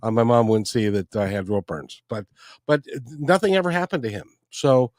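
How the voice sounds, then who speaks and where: A man hosting a podcast, speaking in a halting, reflective way about a personal memory. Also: medium pitch, sing-song, no echo. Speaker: podcast host. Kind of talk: casual personal conversation.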